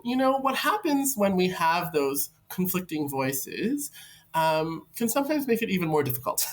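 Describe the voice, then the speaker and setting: A woman hosting an advice video, talking reflectively and playfully to camera and laughing often. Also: sits low. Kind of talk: casual advice talk to camera.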